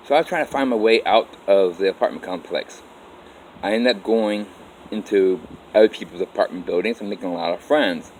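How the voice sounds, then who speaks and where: Low-voiced man rambling through his life story. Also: a little mellow, slight background noise, poor audio. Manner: rambling, halting, with restarts and "I'm like" quotes. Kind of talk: casual first-person life story.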